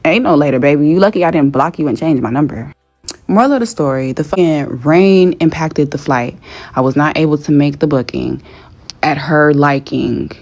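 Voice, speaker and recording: A woman's voice: low-pitched, normal speed, a little mellow. A young woman telling a story in a casual, exasperated rant with plenty of swearing. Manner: profane, exasperated.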